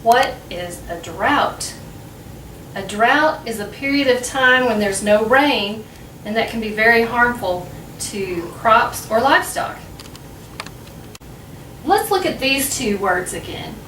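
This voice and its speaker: Slow, clear American woman teacher. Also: animated, pushed and bright, reverberant, distant mic, a little hiss or hum, rough recording. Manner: patient, rises in pitch on key words. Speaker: English teacher and host.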